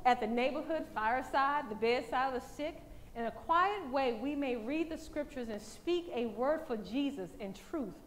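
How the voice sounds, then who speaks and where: Speaking as the women's day guest at a church, a woman delivers a lively, chatty talk. She's animated and laughs a lot, and her voice is high.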